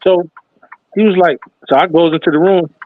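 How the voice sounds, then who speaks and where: A man's voice: high-pitched, fairly even intonation, moderate pace, dry recording. A man telling a story from his childhood in casual talk, acting out the other people's voices. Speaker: podcast host. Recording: tinny, phone-like sound.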